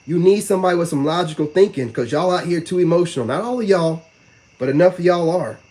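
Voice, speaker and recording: Speaking quickly and casually to viewers on his live stream, this vlogger rambles in slang and keeps saying "you know what I'm saying." His voice leans high and sounds a little mellow.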